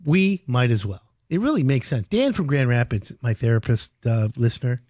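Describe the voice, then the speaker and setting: A man in his fifties hosting a home improvement radio show, telling stories with loud animated bursts. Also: medium pitch, normal speed, dry recording. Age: 50s. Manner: animated storyteller, loud bursts, reads phone number. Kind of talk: casual radio chat.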